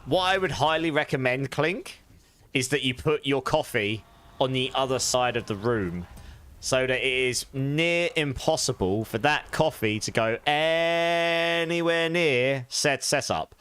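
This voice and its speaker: A man's voice: medium pitch, a little slow, fairly bright tone. A man streaming a game live, chatting casually with viewers and laughing often. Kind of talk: casual live stream chat while gaming.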